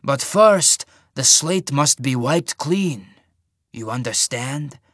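A man voicing an old, rotund mage lord who speaks slowly with a genial, softly menacing manner. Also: medium pitch, expressive, no room sound, clean studio sound. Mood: genially menacing. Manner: slow, measured, softly menacing.

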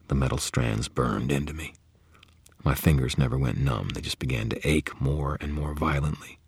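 Male audiobook narrator, extremely deep voice, husky, dry close sound, grave, slips into whispers. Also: no echo. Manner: grave, often dropping to a hushed whisper. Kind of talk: first-person fiction narration.

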